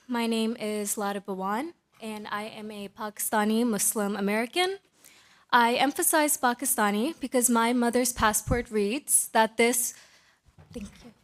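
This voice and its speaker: A young woman with a high voice speaks at a council chamber podium. She is impassioned and accusatory, and her pleading rises as she goes on. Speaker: public commenter. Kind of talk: public comment speech.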